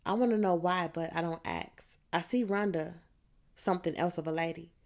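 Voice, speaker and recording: Low-voiced woman narrating in dialect. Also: moderate pace. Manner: reads in a street-dialect teen voice, low and steady. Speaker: audiobook narrator. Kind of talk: first-person audiobook narration.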